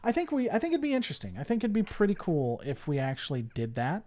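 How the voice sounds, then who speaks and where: A man's voice: high-pitched, wildly swooping pitch, fast talker, a little mellow. A man hosting a livestream, chatting casually and reading viewers' messages aloud, with a rambling manner and a desk microphone. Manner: rambling, reads chat aloud and answers it. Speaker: livestream host.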